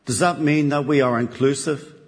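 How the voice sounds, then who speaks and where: A man preaches in a church, his voice carrying a long reverb through the hall. He builds his points with rhythmic repetition and tells stories with lively energy. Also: mid-range voice, moderate pace. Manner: animated storytelling, building repetition. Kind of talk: sermon with a joke.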